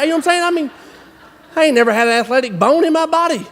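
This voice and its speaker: Animated Southern preacher in a hall. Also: male voice, very high-pitched, fast talker. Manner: folksy, animated, laughing storyteller. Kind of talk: storytelling sermon. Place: church hall. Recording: long reverb of a large hall.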